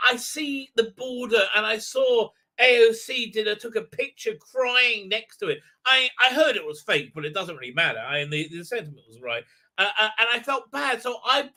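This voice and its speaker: A high-voiced man hosts a live commentary stream in a rambling, sarcastic way. His tone is very bright and sharp, and he fills gaps with many fillers. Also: lively intonation, moderate pace, hardly any pauses. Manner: mocking put-on voices when quoting. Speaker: show host.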